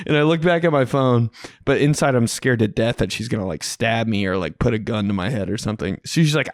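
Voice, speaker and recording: A young man casually telling a comedic story, animated and slangy, jumping into higher voices for the people he quotes. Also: fast, dry recording, studio quality. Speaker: podcast host telling a story.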